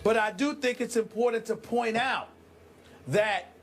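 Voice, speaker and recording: Emphatic high-voiced man debating sports. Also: faint music behind. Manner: emphatic, drawn-out dramatic delivery.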